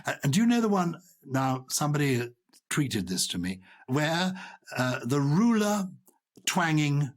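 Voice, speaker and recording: A man's voice: a little high, measured pace. A man co-hosting a podcast in casual chat, playfully telling jokes. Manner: playful, tells jokes, animated. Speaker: podcast co-host.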